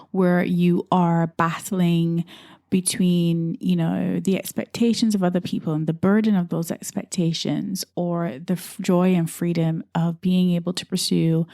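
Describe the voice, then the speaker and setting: A Caribbean-born woman hosts her podcast in a mellow, slightly low voice, recorded dry and close. She talks to listeners earnestly and encouragingly, in a conversational flow sprinkled with "you know" asides. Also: vocal fry, no echo. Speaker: podcast host. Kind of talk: podcast monologue.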